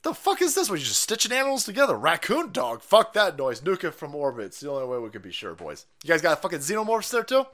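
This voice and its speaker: A man's voice: a little high, quick pace, few pauses. Foul-mouthed man ranting on stream. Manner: foul-mouthed, mocking, sarcastic, animated. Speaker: streamer host. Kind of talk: profane ranting commentary.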